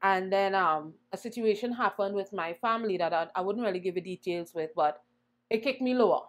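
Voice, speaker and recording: A young woman singer, a guest in an interview, telling her story in an animated way and acting out the voices she quotes. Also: mid-range voice, fairly quick. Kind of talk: conversational storytelling.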